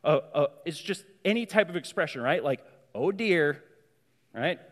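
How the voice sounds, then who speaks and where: A man's voice: fairly high pitch, lively intonation, moderate pace. A man preaching a sermon as pastor, emphatic and prone to repeating words as he goes. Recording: long hall reverb.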